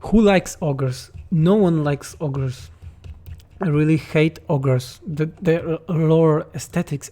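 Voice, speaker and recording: A man's voice: a little high, takes it slowly, dark tone. A man from Poland with a Polish accent, a game mod developer reading chat questions aloud and answering them bluntly and jokingly on a livestream.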